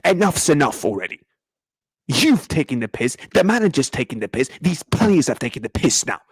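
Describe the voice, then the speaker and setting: A man's voice: mid-range voice, sing-song, moderate pace, slightly rough, no echo. A man hosting a live football reaction stream, ranting and swearing in heavy street slang. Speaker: host. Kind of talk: angry live match reaction.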